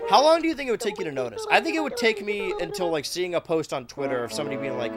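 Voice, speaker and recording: A man's voice: on the high side, animated, quick pace, few pauses, music in the background. Jokey rambling male game streamer. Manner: rambling, jokey, swinging between loud outbursts and mutters. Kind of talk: casual let's-play commentary.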